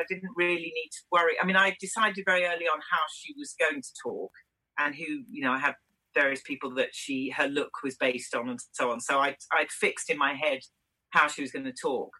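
A woman from Britain talks through her acting work in a relaxed interview, her voice bright and a little husky. She thinks aloud, laughs lightly and restarts her sentences as she goes. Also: low-pitched, a little fast, low-quality recording. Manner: thoughtful, chatty, laughs often, many restarts. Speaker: actress guest. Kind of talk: conversational interview answers.

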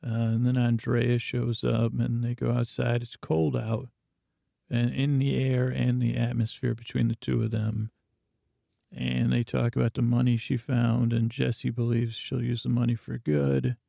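A man's voice: mid-range voice, a little slow, no echo, clean studio sound. A man hosting a podcast, giving a meandering bedtime recap full of fillers. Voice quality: gravelly. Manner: meandering, monotone, filler-heavy. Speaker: podcast host.

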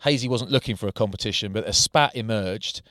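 A man in casual podcast banter, telling an animated story about a friend. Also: lowish voice, fairly quick, dry recording, clean studio sound. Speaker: podcast co-host. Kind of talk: casual chat.

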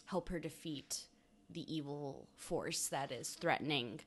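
Chatty woman co-host, low voice. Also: breathy edge. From United States. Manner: chatty, playful, quick asides. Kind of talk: casual chat.

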